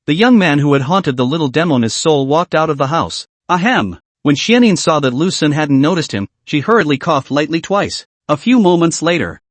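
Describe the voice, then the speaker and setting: Slightly high, dry male storyteller. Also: big pitch swings, normal speed, dry recording. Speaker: narrator. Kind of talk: scripted narration of a comic recap.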